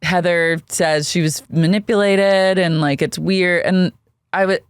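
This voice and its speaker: A woman's voice: fairly low pitch, steady tone, unhurried, smooth, no echo. A woman co-hosting a podcast, chatting casually and bluntly with plenty of swearing. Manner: blunt and profane, quotes cast members in put-on voices. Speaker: podcast co-host. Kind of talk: casual chat recapping a reality show.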